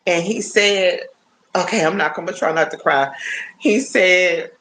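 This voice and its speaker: A woman in her fifties chatting casually and warmly to her viewers on a phone livestream, often checking in with "you know what I'm saying?". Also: fairly low pitch, unhurried, slight background noise. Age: 50s. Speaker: livestream host.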